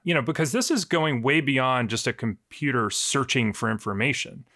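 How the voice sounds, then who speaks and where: Male reporter, gravelly voice, dry close sound, easy explanatory delivery. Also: medium pitch, moderate pace, dry recording. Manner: relaxed, explanatory, joking. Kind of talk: conversational news podcast.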